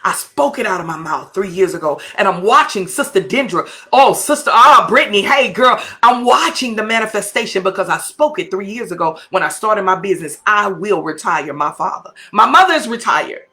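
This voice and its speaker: Texan woman pastor, middle-aged, drawl, bright forceful voice, fervent colloquial preaching to a live audience. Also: medium pitch, animated, brisk, few pauses. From Texas, US. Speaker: pastor and podcast host. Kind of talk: impassioned motivational talk to a live audience.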